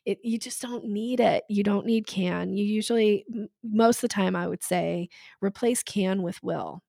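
A woman's voice: mid-range voice, normal speed, gravelly, mellow, dry recording, clean studio sound. A woman sales coach talking casually on a podcast, frank and emphatic, with laughs between points.

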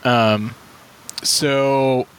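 A man of middle pitch hosts a loose, casual conversation over a video call. He rambles, circles back, and restarts his sentences often, padding them with fillers. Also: fairly even intonation, drawn-out words, a little hiss or hum. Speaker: podcast host. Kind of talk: casual chat.

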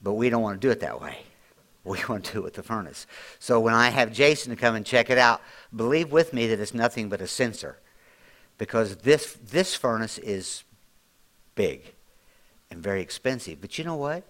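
A man's voice: animated, moderate pace. Folksy preaching man, swelling voice. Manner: preaching with strong swells of volume and pitch; folksy, plain-spoken, drops into quiet asides. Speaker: pastor. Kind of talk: sermon.

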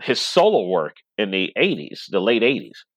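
A man's voice: on the low side, very animated, normal speed, breathy edge, dry recording. A middle-aged man chatting casually in a podcast conversation, rambling and laughing often. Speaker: web radio station owner, podcast guest.

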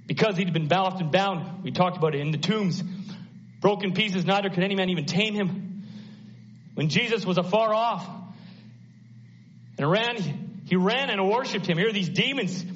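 A man preaching a sermon at a church service, dramatic, acting out the voices in the story and swinging from hushed to loud. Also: high voice, normal speed, long pauses, a little hiss or hum. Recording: dull lo-fi sound.

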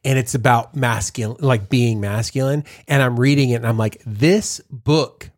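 A man's voice: medium pitch, normal speed. A man in his thirties, a pastor co-hosting a casual talk show, speaking candidly and joking as he tells stories. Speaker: pastor and podcast co-host. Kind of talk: casual chat.

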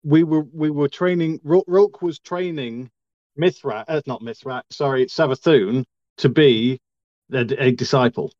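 A man's voice: on the high side, unhurried, a little mellow, no room sound. A man co-hosting a casual podcast, firmly correcting the others and explaining details. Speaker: podcast co-host. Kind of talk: casual chat. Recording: slightly dull lo-fi mic.

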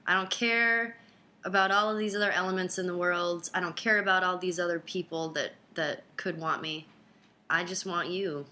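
A woman's voice: on the low side, fairly even intonation, moderate pace, bright, forceful tone. A woman chatting casually, playful and teasing, gushing over her friend. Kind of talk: casual chat.

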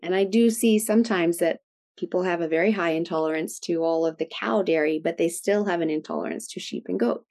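Mellow-voiced middle-aged woman explaining. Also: fairly low pitch, fairly quick. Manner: chatty, explanatory, often ends with "right?". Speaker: guest expert on food sensitivities. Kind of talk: conversational interview.

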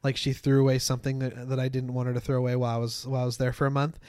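A man's voice: mid-range voice, completely flat delivery, rapid-fire, darkish tone, smooth, no echo, clean studio sound. A man co-hosting a casual podcast chat, easygoing and laughing often. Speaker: podcast co-host.

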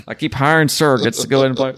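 A man's voice: mid-range voice, rapid-fire, a bit bright, slight background noise. A man hosting a podcast, chatting casually with a teasing, steering manner. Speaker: podcast host. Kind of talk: casual banter.

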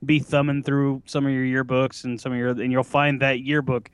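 A man's voice: mid-range voice, level tone, moderate pace, smooth, no echo. A man co-hosting a podcast, rambling through crude, joking anecdotes in casual banter. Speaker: podcast co-host.

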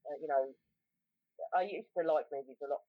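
A woman's voice: sits low, brisk, dry recording. Rambling South London woman on a tinny line. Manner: rambling, frequent ums and restarts. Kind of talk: casual chat, storytelling. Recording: tinny phone-like line, dry.

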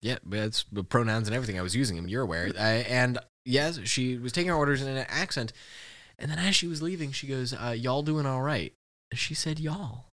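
A man's voice: mid-range voice, quick pace, a bit bright, no room sound, clean studio sound. A man co-hosting a comedy podcast, joking in a playful, mock-earnest way. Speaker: podcast co-host. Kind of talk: casual comedic banter.

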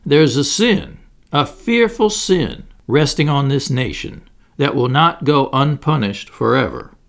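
Narrator voicing a earnest carpenter, grave, preaching, animated pitch. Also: male voice, a little slow, vocal fry. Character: earnest moralizing male carpenter.

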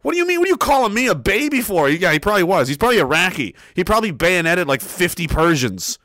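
A man's voice: sits high, sing-song, quick pace, fairly bright tone, no room sound, clean studio sound. A young man streaming, rambling through a casual story with profanity, frequent laughter and acted-out quotes.

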